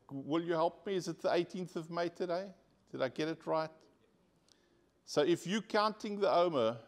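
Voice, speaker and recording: A male pastor preaching a sermon to his congregation, earnest and direct, asking the people for an amen. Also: fairly high pitch. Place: church.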